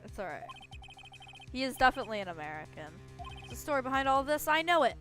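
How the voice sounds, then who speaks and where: A woman's voice: high voice, very animated, quick pace, fairly bright tone, faint music behind. A young woman playing through a video game, reading dialogue aloud in a playful, giggly manner. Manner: playful, giggly, reads characters in varied voices. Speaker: gaming streamer.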